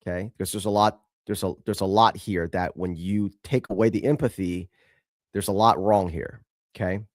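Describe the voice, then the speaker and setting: A man's voice: low voice, steady tone, moderate pace, dry recording, clean studio sound. A male host giving emphatic, scornful commentary on a video clip, repeating himself for stress.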